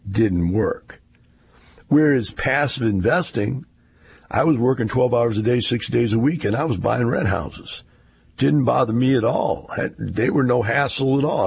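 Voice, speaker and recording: A man's voice: medium pitch, darkish tone, husky. An older man, giving a rambling, folksy casual monologue with wry asides.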